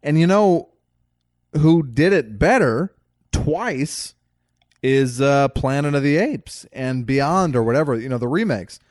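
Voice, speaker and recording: A man's voice: medium pitch, animated, a little mellow, dry recording, studio quality. A man co-hosting a podcast, blunt and sarcastic in casual movie talk. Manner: blunt, sarcastic, quick jokes. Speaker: podcast co-host. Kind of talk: casual movie review chat.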